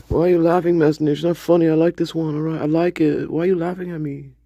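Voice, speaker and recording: A man's voice: a little high, flat delivery, a little fast, dark tone, dry recording, muffled recording. A man co-hosting a late-night livestream, laughing often, repeating himself and greeting viewers by name. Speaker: livestream co-host. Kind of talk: casual livestream chat.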